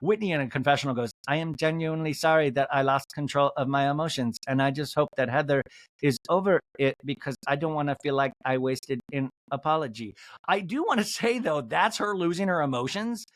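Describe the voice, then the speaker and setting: A man hosting a comedy podcast, recapping a reality show episode and acting out the cast members' lines in quick put-on voices. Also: on the high side, no echo. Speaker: podcast host.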